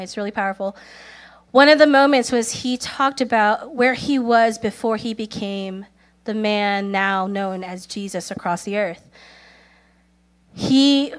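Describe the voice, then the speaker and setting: A woman preaching a sermon, telling stories earnestly, calling for amens, and speaking quoted prayers softly. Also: medium pitch. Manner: earnest storytelling, calls for amens; acts out quoted prayers softly, at times in a whisper.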